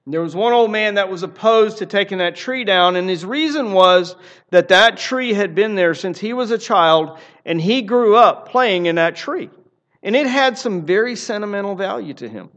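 A man's voice: sits high, animated, normal speed, a bit bright, lo-fi sound. A man preaching a sermon in an earnest, emphatic way, often repeating phrases for emphasis. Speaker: pastor.

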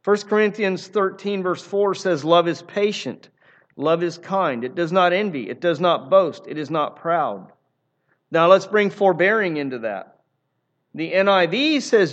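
A man's voice: sits high, lo-fi sound. A man preaching a sermon in an earnest, emphatic way, often repeating phrases for emphasis. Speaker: pastor.

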